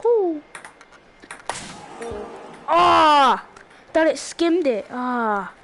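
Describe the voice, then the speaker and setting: Excitable young-sounding woman gamer. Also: high-pitched, drawn-out words, faint music behind. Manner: excitable, trash-talking, frequent exclamations. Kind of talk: casual gameplay commentary.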